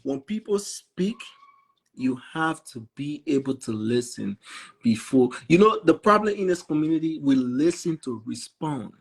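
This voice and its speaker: A man's voice: a little high, lively intonation, unhurried, slightly rough, low-quality recording. A Liberian man in casual live chat, insistent and repetitive, often checking that the listener understands. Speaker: livestream caller addressing critics.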